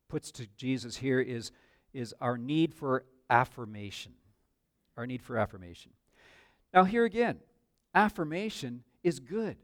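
An older man preaching a sermon as a pastor, earnest, with sudden swells and drops in loudness. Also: mid-range voice, dry recording, clean studio sound.

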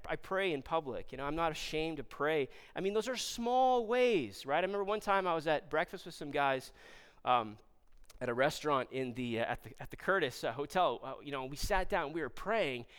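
A man's voice: sits high, fairly bright tone, smooth, long reverb tail. Eager, chatty Baptist preacher man. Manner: eager, conversational preaching with asides and laughs. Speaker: Baptist pastor. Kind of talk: sermon.

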